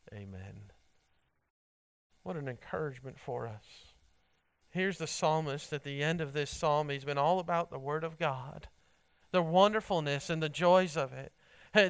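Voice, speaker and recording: A man's voice: a little high, a bit bright, clean tone, no room sound. A man preaching a sermon in an earnest, pleading way, then leading a prayer.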